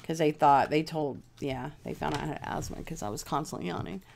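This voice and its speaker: A woman's voice: sits low, fairly quick, gravelly, a little mellow, slight background noise. A woman hosting a casual crafting livestream from home, rambling chattily and answering viewers' comments by name.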